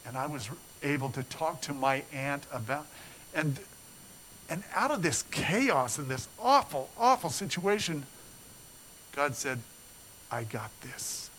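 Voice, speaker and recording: An older man delivers a sermon from the pulpit, his voice sitting slightly high for a man. He tells stories with rising energy, then drops low and gentle for emphasis. A faint hiss sits under the recording. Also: slow pace, long pauses, low-quality recording. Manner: earnest storytelling preacher, rising animated then dropping low and soft. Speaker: pastor.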